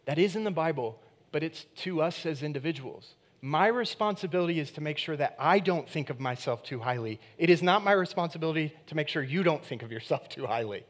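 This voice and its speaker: Animated man preaching a casual sermon. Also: a little high, a little fast, few pauses. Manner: conversational and animated, acting out quoted voices; swings from loud emphatic bursts to quiet, hushed lines. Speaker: pastor.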